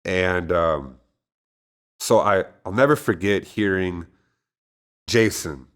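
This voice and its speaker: A man's voice: deep voice, slow pace, clean tone. A man sharing a personal testimony in an earnest, conversational way, often restarting his sentences. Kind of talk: casual spoken testimony.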